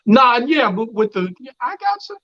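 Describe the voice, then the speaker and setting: Host, casual interview, backs the guest with quick agreements, dull lo-fi sound. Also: medium pitch, sing-song, a loud crowd. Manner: supportive listener, frequent short agreements. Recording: dull lo-fi audio.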